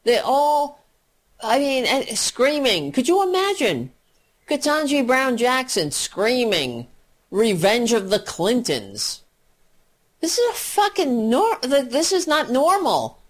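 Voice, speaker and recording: A woman's voice: high-pitched, very animated, takes it slowly. A woman filling in as a radio talk host, ranting about politics in a profane, indignant and sarcastic way.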